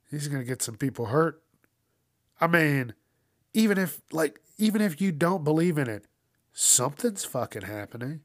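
A man's voice: a little high, expressive, normal speed, pauses often, no room sound, studio quality. A man hosting a casual news commentary show, swearing often and ranting with frequent laughs. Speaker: host.

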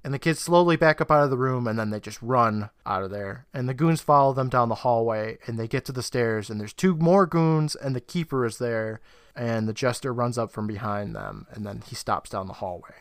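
A man's voice: mid-range voice, a little fast, no echo. A man co-hosting a podcast, recapping an episode in a laid-back, storytelling way and laughing often. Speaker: podcast co-host.

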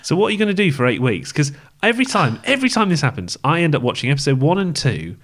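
A man's voice: fairly high pitch, very animated, fast, fairly bright tone. Teasing man chatting on a podcast. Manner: teasing, banters and laughs often. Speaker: podcast co-host. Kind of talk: casual chat.

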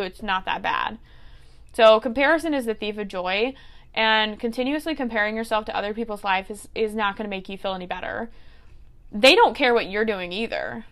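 Podcast host, woman in her twenties, smooth clear voice, earnest and chatty. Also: mid-range voice, a bit bright. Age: 20s. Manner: earnest, advice-giving, with fillers like "like" and "okay". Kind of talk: casual solo podcast talk.

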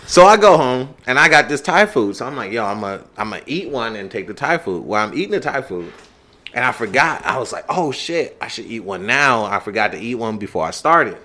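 A man telling a story in casual chat, animated and profane, acting out his own reactions in quotes. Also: mid-range voice, a little fast.

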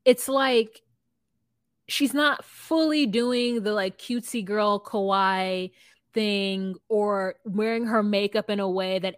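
A woman's voice: mid-range voice, no room sound. Woman podcaster with a dry close sound. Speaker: podcast co-host. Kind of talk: casual chat.

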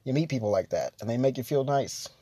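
A man's voice: medium pitch, animated, fast, mellow, no room sound, clean studio sound. A young man hosting a casual solo podcast, rambling with many fillers and restarts, chuckling between thoughts. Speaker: podcast host.

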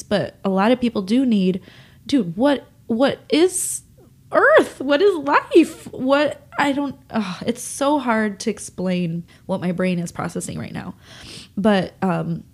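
A woman's voice: medium pitch, lively intonation, measured pace, a little mellow. Tearful, nasal young woman podcaster. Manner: emotional, rambling, many fillers. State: nasal and close to tears. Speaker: podcast host. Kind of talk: confessional solo podcast.

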